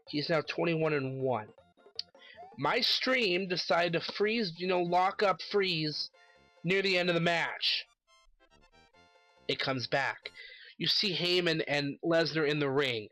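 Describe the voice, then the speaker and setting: A man's voice: sits high, fairly bright tone. A man giving a casual solo commentary, ranting animatedly and swearing constantly. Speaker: wrestling commentary vlogger.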